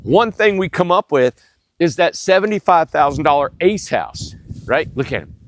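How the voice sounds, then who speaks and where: Man, nasal from a head cold, slightly high voice, folksy sales walkthrough, outdoors, wind in the background. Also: animated, moderate pace. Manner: folksy, plainspoken, pitching to viewers. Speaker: home builder giving a property tour. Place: outdoors on a windy ridge.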